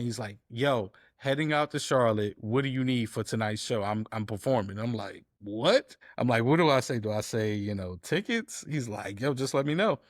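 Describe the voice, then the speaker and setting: A man's voice: medium pitch, dry recording, studio quality. A man telling stories in a casual interview, a DJ guest acting out quoted conversations as he goes. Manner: animated storyteller acting out quoted dialogue. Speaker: guest, DJ and editor.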